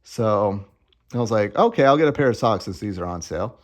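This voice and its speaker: A man's voice: on the low side, lively intonation, fairly quick. A young man vlogging in a casual, rambling way, joking and swearing offhand. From Arizona. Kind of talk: casual chat.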